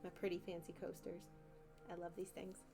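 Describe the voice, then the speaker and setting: With a fairly low, completely flat voice and a slightly quick pace, a young woman chats while painting on a live art stream. She's at home in her living room with soft music in the background, mocking herself and prone to repeating things.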